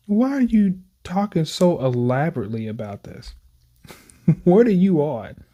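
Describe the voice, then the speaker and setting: Mellow-voiced man reacting to manga. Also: on the high side, a little slow. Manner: animated, laughing asides, slangy. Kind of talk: casual chat reading manga aloud.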